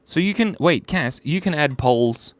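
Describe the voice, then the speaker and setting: A man's voice: on the high side, expressive, a little slow, no echo. Playful man sketching live for viewers. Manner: playful, jokey, narrates while drawing. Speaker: livestream drawing host. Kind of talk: live drawing stream chatting with viewers.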